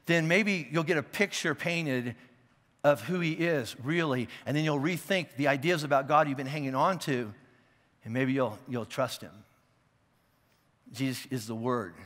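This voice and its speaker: A man with a medium-pitched, slightly bright voice delivers a sermon as pastor in a church auditorium, the space lending a big-room sound. He keeps it conversational and checks in with the audience, often restarting and repeating words mid-thought.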